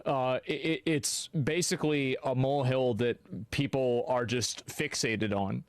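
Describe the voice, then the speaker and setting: A man giving opinion commentary, arguing in a measured, deliberate way. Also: medium pitch, fairly even intonation, smooth, no room sound.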